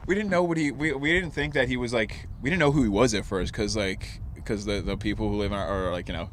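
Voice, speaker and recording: Young man, stoned and rambling, low voice, faint outdoor ambience, loose casual chat. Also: quick pace, a little hiss or hum. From New Jersey. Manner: rambling, laid-back, swears a lot, laughs often. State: high. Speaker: guest comedian. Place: outdoors on a porch.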